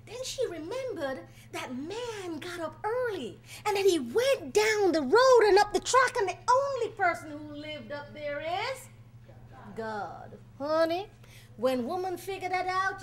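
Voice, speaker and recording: Before a live audience at a college event, a woman storyteller performs a folk tale, dramatic and playful, addressing her listeners directly. Her very high-pitched voice is highly animated yet measured in pace, with slight background noise.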